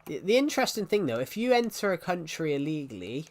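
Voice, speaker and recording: A man's voice: on the high side, big pitch swings, fast. A young man streaming live, chatting casually to viewers in a rambling, opinionated way and answering chat comments. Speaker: gaming livestreamer.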